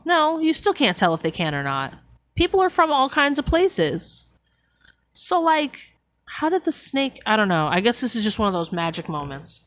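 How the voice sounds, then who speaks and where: A woman's voice: mid-range voice, no echo. A woman streaming a book club, reading a novel aloud to her chat. She keeps breaking off into sarcastic, rambling asides and talks straight to her viewers between passages.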